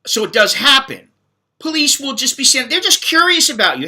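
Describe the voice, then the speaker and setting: A man's voice: very high voice, sing-song, normal speed, bright, forceful tone. A middle-aged man from the United States hosting a casual monologue, bluntly lecturing viewers and acting out little quoted voices. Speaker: channel host answering viewer questions.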